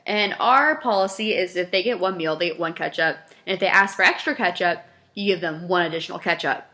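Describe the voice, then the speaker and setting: A woman vlogger telling stories from her fast food job in a casual, animated way, laughing often and acting out her customers. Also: fairly low pitch. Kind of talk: casual storytelling to camera.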